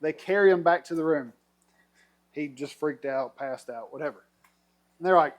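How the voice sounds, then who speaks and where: A man's voice: a little high, moderate pace, long pauses. A middle-aged man, casually telling a long story over drinks, acting out quotes and laughing often. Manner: animated storyteller, acts out quotes, laughs a lot. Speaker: podcast guest telling a story.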